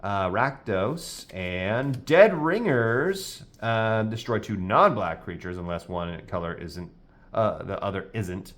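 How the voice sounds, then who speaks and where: A man in casual chat, reading card names slowly with frequent "uh"s and hesitations. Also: on the low side, lively intonation. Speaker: co-host opening card packs.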